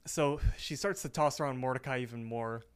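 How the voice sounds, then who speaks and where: Male co-host, casual recap, smooth clear voice, average pitch. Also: fairly quick. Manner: animated storyteller with many fillers. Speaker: podcast co-host.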